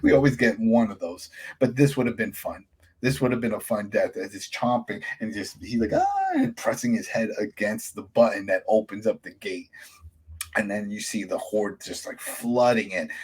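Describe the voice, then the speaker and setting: A man co-hosting a podcast, chatting casually about a TV episode and jumping into high voices to act out characters. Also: slightly rough. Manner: animated, acts out characters in sudden high-pitched voices. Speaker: podcast co-host, editor. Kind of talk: casual review chat.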